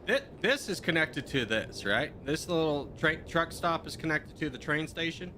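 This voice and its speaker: A man's voice: a little high, expressive, normal speed, sharp tone, a little hiss or hum. A man casually commenting on his own gameplay while live streaming, muttering to himself as he builds and answering chat.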